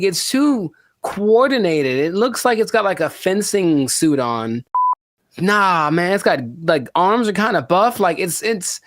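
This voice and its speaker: A man's voice: sits high, lively intonation, a little slow, fairly bright tone, dry recording. A man co-hosting a casual podcast, laid-back and rambling, laughing easily. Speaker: co-host.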